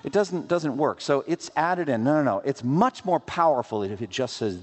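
A man preaching a sermon in an animated way, using rhetorical questions and playful asides. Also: mid-range voice, fairly quick, few pauses, breathy edge. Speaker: pastor. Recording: long hall reverb.

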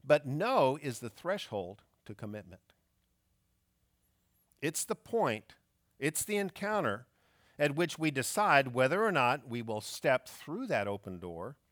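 A man's voice: medium pitch, sing-song, unhurried, fairly bright tone, no echo, studio quality. A man preaching a sermon as pastor, emphatic and fond of rhetorical questions.

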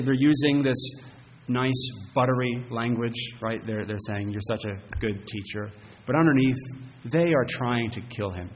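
A man's voice: fairly low pitch, big-room sound, a little hiss or hum, rough recording. A male pastor preaching a sermon, talking conversationally with rhetorical questions and frequent restarts.

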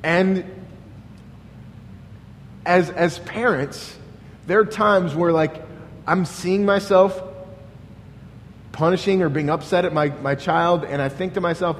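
A man preaching a sermon in an earnest, searching manner, his voice high and his delivery slow. He restarts his sentences often as he works through his questions. The sound carries a long hall reverb over a faint low rumble. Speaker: pastor.

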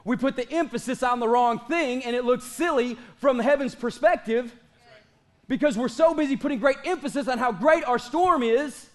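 A man in his late thirties preaching a sermon as pastor, energetic, stretching out key phrases for emphasis and joking with the congregation. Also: very high voice. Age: late 30s. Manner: energetic preaching, slows for drawn-out emphatic lines, jokes with the congregation.

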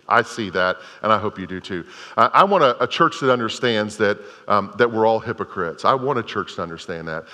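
A middle-aged man preaches with a bright, forceful edge in his voice. He tells a story in a folksy, unpolished way, often restarting his sentences. His words ring out with a long reverb, as in a large church hall. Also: fairly low pitch. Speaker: Methodist pastor. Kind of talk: sermon.

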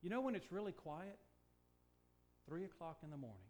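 An older man preaching a sermon, moving from quiet, reflective talk to slow, emphatic declarations. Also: high voice, lively intonation, slight background noise. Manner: preaching, swings from hushed to emphatic, stretched slow phrases. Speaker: pastor.

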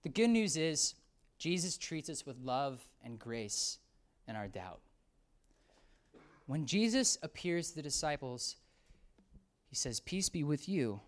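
A preacher delivering a sermon with a conversational, animated energy. The voice sinks low and quiet for reflective points, then jumps up loud and high in excited outbursts. Quoted characters are acted out with playful shifts of tone. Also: slow, long pauses. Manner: lively, swings from hushed to excited outbursts, acts out quoted voices.

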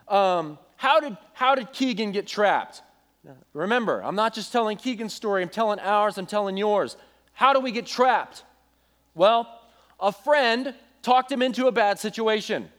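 A young adult male pastor tells a story during his sermon, casual and animated, tossing asides to the congregation. His voice sits high.

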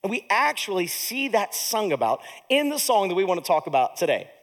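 A man's voice: sits high, very animated, a little fast. A man pastor giving a sermon in a conversational way, with humorous, self-deprecating asides and a tired edge.

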